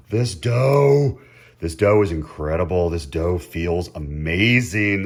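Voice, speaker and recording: A middle-aged man chatting casually as he cooks at home, laughing often and getting excited. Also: deep voice, moderate pace. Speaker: home cook. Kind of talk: casual cooking vlog.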